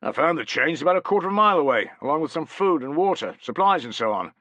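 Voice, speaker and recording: A man's voice: on the high side, very animated, fast talker, fairly bright tone, no room sound, voice pushed up. A man voicing a droll, dry-witted Roman soldier reporting to his officer, in an audiobook.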